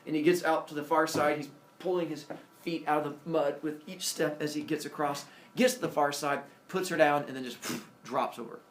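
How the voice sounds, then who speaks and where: Speaking at a moderate pace with a steady, slightly high voice, a man teaching a class retells a myth in a jokey way and performs the characters. The sound comes from a distance in an echoey room, with a bit of background noise.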